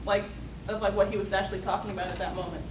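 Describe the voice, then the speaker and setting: A woman's voice: mid-range voice, fairly even intonation, very fast, noisy background. Giggly woman trainee answering. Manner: giggly, searching for words. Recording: echoey room from far off.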